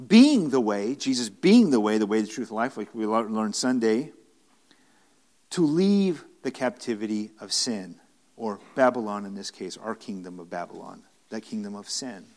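With a mid-range, slightly mellow voice at a moderate pace, a man teaches Bible study as a pastor. He preaches to the room in a conversational yet earnest and emphatic way, often circling back to restart or repeat himself.

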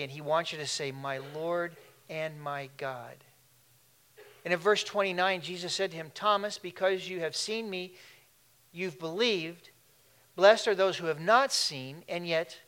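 Man, pastor preaching, animated, laughing asides, fairly high voice. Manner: animated, laughing asides, shifts between loud and hushed. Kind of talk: sermon.

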